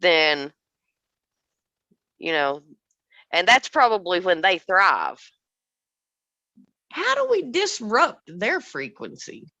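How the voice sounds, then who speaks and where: Slow, lively-voiced woman chatting. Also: lowish voice, no room sound, highs cut off. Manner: animated, laughs often, trailing restarts. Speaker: podcast co-host. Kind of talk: casual chat.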